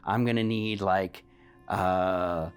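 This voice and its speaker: A man running a tabletop game as game master, explaining in a casual, halting way. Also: deep voice, steady tone, clean tone, soft background music.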